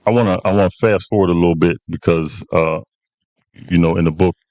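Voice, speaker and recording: A man moderating a book talk and asking the author relaxed questions. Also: low-pitched, a little fast, no room sound, dull audio. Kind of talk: interview questions.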